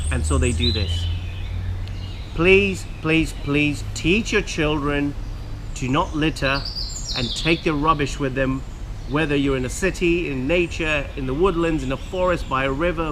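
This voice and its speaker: A man's voice: fairly high pitch, moderate pace, background noise. Man ranting on a woodland hike. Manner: earnest ranting appeals to viewers. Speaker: hiking vlogger. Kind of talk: outdoor vlog talk to camera. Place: outdoors by a river in woodland.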